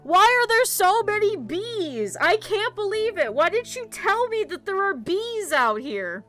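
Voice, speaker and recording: A woman's voice: extremely high pitch, very animated, a little slow, a bit bright, soft background music, voice pushed up, exaggerated voice. A woman voicing a cranky little child who whines and complains. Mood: whiny. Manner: whiny, complaining.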